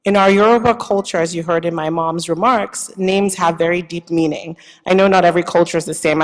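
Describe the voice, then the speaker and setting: A woman with a Nigerian accent gives a heartfelt acceptance speech in a large event hall, her voice sitting a little low and trailing off in a long hall reverb. She mixes faith with light self-deprecating humor. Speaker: award honoree.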